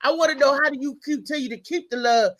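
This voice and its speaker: Woman talk host, slangy, laughs a lot, high voice, dry close sound. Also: quick pace, no echo, low-quality recording. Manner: animated, laughs often, slangy. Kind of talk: casual live show chat.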